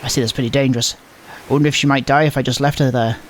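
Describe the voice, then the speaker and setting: A man's voice: mid-range voice, steady tone, very fast, a little hiss or hum. A man playing through a visual novel, reading every line in a playful, exaggerated comedic way.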